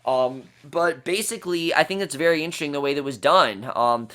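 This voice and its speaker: A man's voice: a little high, a little fast, fairly bright tone. A man giving a casual, enthusiastic recap and review of a TV episode, loose and chatty with fillers and restarts. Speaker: TV series reviewer.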